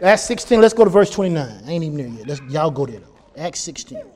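A man preaching a sermon, animated and building to shouts. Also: on the high side, fast. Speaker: pastor.

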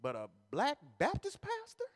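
A man doing animated stand-up comedy at a church service, laughing at his own jokes as he tells stories. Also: very high voice, normal speed. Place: large church hall. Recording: long reverb of a large church hall.

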